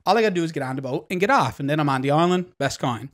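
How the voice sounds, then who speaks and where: Animated, slightly high Newfoundland-accented man. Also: rapid-fire. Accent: Newfoundland and Labrador English. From Labrador, Canada. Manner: animated, laughing, swearing yarn-teller. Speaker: podcast co-host. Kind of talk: casual storytelling chat.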